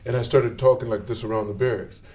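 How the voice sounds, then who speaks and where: A man's voice: medium pitch, fairly even intonation, fast, dark tone, slight background noise. A middle-aged man hosting a podcast interview, chatty, who interjects often and laughs easily. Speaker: podcast host. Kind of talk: conversational interview.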